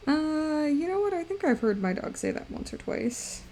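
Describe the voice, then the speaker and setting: A woman's voice: high-pitched, mellow. A young woman streaming live, chatting playfully and rambling to her viewers while she draws. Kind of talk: casual live-stream chat while drawing.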